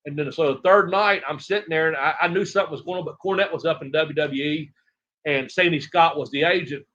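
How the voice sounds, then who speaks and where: Animated man telling wrestling stories. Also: a little high, brisk. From Tennessee, USA. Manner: rambling, animated, acts out other people's lines. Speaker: retired pro wrestler, guest. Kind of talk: casual storytelling interview. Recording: dull lo-fi audio.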